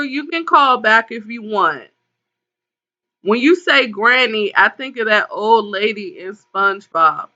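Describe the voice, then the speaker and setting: Slightly high and pushed-bright, this woman's voice carries a live tarot call-in stream recorded in dull, lo-fi quality. She voices viewer comments and addresses people with casual concern and affectionate pet names.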